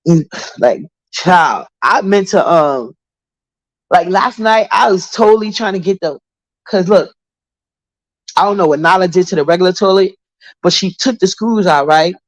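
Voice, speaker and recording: A woman's voice: lowish voice, normal speed, long pauses, dry recording. A woman from Brooklyn, hosting a casual livestream. She tells gossip bluntly, swears, and greets viewers by name from her apartment. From Brooklyn, New York. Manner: blunt, profane, gossipy storytelling. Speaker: livestream host. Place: home apartment.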